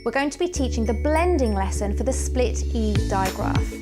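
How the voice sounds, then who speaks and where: A woman with a southern English accent teaching phonics to a class of young children, speaking clearly and encouragingly and sounding words out slowly. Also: fairly high pitch, lively intonation, loud music behind the voice. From southern England. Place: primary school classroom.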